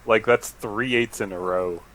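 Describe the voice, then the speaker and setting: A man's voice: lowish voice, measured pace, a bit bright, rough recording. A man playing a tabletop role-playing game, talking casually and hesitantly as he thinks aloud. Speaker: player.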